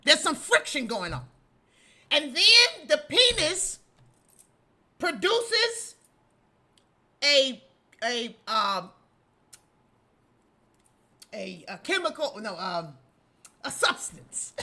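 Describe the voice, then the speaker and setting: A woman's voice: high-pitched, wildly swooping pitch, slow pace, pauses often, bright, forceful tone. A middle-aged woman hosting a casual commentary show, sassy and scolding, breaking into laughs as she lectures. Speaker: host.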